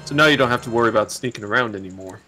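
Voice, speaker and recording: Calm, dry co-host guy. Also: mid-range voice, racing, soft background music. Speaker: co-commentator on a game stream. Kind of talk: casual let's-play commentary.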